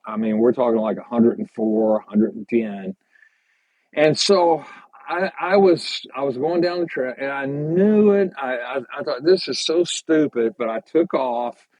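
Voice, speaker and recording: An older man, a podcast guest, telling hiking stories in a halting, unhurried way during a casual interview. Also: mid-range voice, a little mellow, dry recording. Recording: slightly dull lo-fi sound.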